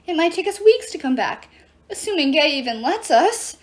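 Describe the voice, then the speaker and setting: A woman's voice: high-pitched, very animated, normal speed, pitched above the performer's own voice. A woman voicing a nervous male dwarf thief who whines, begs and stammers, in a storybook reading. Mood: whining. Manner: whiny, stammering and begging.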